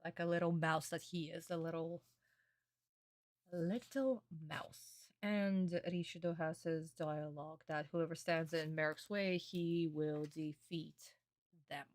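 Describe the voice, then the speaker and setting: A young woman streamer in a casual reaction stream, excitable and gushing, swearing often. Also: low-pitched, unhurried, no echo.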